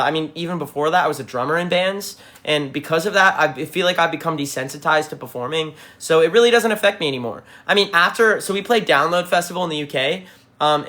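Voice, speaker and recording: A man's voice: on the high side, bright, forceful tone. A man, a band frontman, answering viewers in a livestream Q&A, talking bluntly with lots of swearing and rambling restarts. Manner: blunt, profane and emphatic. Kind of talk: livestream Q&A chat. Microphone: phone livestream mic.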